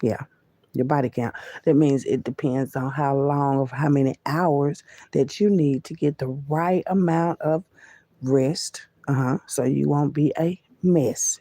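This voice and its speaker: A woman's voice: deep voice, unhurried, dark tone, no room sound. A woman vlogger in casual spiritual talk, speaking to her viewers in a folksy way, calling them baby and y'all and often insisting she's serious. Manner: folksy, calls listeners baby and y'all, repeats "I'm serious".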